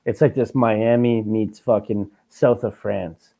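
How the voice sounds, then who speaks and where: A man's voice: on the low side, measured pace, gravelly. A man from Canada hosting a podcast, telling travel stories in casual chat, full of swearing and acted-out dialogue. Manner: profane, animated storytelling with mimicked dialogue. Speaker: podcast host.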